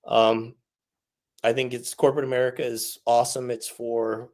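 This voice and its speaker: A man in his forties, an army veteran, speaks as a guest in a candid interview. He talks bluntly and swears freely, laughing through the hard parts of his story. His voice sits at a middle pitch. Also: flat delivery, moderate pace, a little mellow. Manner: frank and profane, laughs through hard stories.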